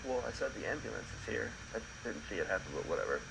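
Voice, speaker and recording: A man's voice: lowish voice, very animated, rapid-fire, vocal fry, a crowd in the background, poor audio. A man co-hosting a podcast in casual, laid-back chat that rambles and trails off. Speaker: podcast co-host.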